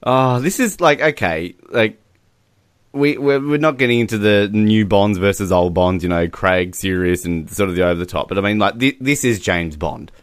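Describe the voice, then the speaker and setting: An Australian man co-hosting a film commentary podcast in excitable, casual chat, often restarting his sentences. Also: lowish voice, clear, resonant tone, no echo, studio quality. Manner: excitable, restarts often, quick bursts of laughter. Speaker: podcast co-host.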